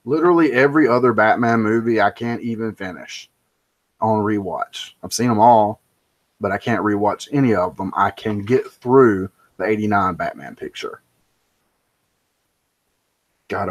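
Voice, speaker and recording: A pop culture commentator with a fairly low voice delivers an opinionated, rambling monologue at normal speed, emphatic and prone to ranting.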